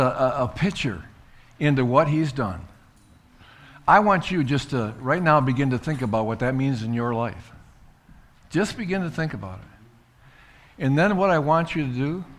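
A man's voice: mid-range voice, fairly bright tone. A man pastor preaching a sermon in a church, fervently urging the congregation to praise. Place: church sanctuary.

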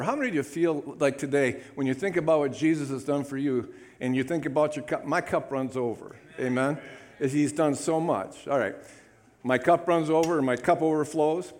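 Upbeat pastor, a bit high. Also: male voice, normal speed. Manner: upbeat, calls for amens, lively congregation prompts. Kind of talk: sermon. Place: church sanctuary.

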